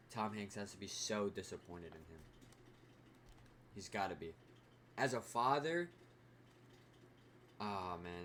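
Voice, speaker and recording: A man's voice: on the low side, slight background noise. A young man hosting a reaction video, rambling in casual commentary with constant fillers and swearing.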